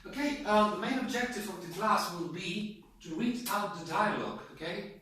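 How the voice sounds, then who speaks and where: A man's voice: high-pitched, pushed and bright, slight background noise. A man teaching an English pronunciation class, prompting students and drawing out example words. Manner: prompting, drawn-out model words. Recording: echoey classroom from far off.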